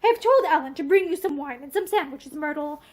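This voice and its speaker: A curt, commanding society mother, middle-aged and stern, as a woman reads her lines aloud from a storybook. The voice sits high and moves a lot. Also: animated, brisk, darkish tone. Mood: scolding.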